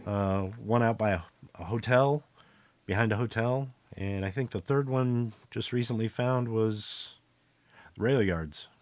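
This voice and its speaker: A man's voice: fairly low pitch, measured pace, no room sound. A man narrating as game master and voicing side characters in a tabletop role-playing game.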